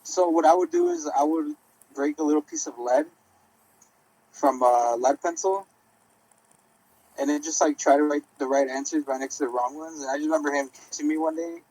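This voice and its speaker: A man's voice: a little high, fairly even intonation, moderate pace, warm tone, low-quality recording. A young man, a guest on a casual podcast, rambling through stories, swearing casually and laughing. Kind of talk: casual chat.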